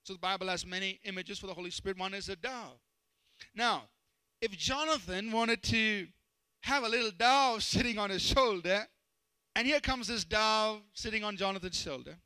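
Male pastor, high bright voice, dry close sound, lively storytelling sermon. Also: smooth, no echo, rough recording. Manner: animated, storytelling with self-deprecating humor.

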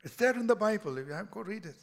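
A pastor delivering a sermon, swinging between loud declarations and hushed, whispered lines. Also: male voice, high voice, lively intonation, fast talker, vocal fry.

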